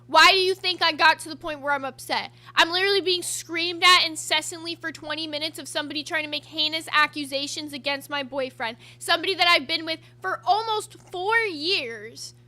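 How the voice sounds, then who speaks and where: A woman's voice: very high voice, brisk, few pauses, bright, forceful tone. A woman co-hosting a casual reaction show, talking bluntly and emphatically with plenty of swearing. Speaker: co-host.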